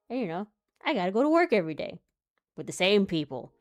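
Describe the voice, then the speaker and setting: A woman's voice: mid-range voice, big pitch swings, moderate pace. Laughing, cursing woman chatting while drawing. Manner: laughs often, swears, mutters to herself while drawing. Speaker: artist streamer. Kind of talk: casual rambling while drawing.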